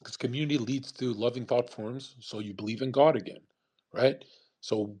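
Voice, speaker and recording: A man's voice: medium pitch, moderate pace, a little mellow, husky. A man hosting a show, talking in a rambling, profane, emphatic monologue that often restarts mid-sentence. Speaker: host. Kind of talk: casual monologue commentary.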